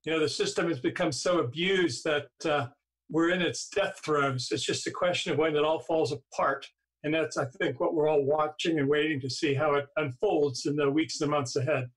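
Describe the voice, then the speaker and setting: A man answering as a guest on a financial talk show, measured and grave. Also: fairly high pitch, steady tone, husky. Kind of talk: interview answers.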